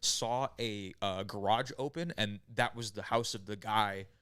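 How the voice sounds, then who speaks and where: A man's voice: fairly low pitch, measured pace, fairly bright tone, smooth, no room sound, clean studio sound. Rambling, swearing podcast man. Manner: rambling, heavy filler words and profanity. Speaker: podcast host. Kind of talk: casual storytelling chat.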